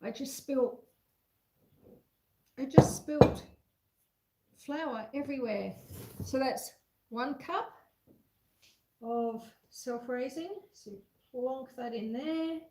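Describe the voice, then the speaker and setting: An Australian woman with a slightly high voice talks in an unhurried, drawn-out way as she bakes and chats with her live-stream viewers. She is chatty and pokes fun at herself. Her voice rings around a roomy, echoey home kitchen. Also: warm tone, slight background noise. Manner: chatty, self-deprecating, reads chat aloud while cooking. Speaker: homestead vlogger hosting a live stream. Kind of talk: casual live-stream baking chat.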